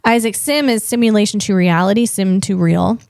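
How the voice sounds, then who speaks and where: A woman's voice: medium pitch, brisk, creaky, a little mellow, dry recording, clean studio sound. A woman hosting a solo podcast in a casual, rambling way, often correcting herself and laughing at herself. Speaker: podcast host.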